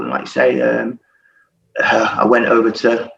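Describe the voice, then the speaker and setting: A man's voice: medium pitch, little pitch movement, moderate pace, vocal fry, a bit bright. A man in his forties, a former footballer and podcast guest, telling stories in a casual chat, swearing constantly and laughing through his anecdotes. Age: 40s. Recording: roomy, muffled recording with faint hiss.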